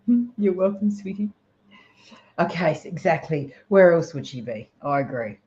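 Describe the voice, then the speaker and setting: A woman's voice: lowish voice, expressive, moderate pace, a little mellow, soft background music. Swearing, chatty woman host. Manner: blunt, swears freely, chatty. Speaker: host and psychic reader. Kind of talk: casual live stream chat. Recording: dull lo-fi live stream audio.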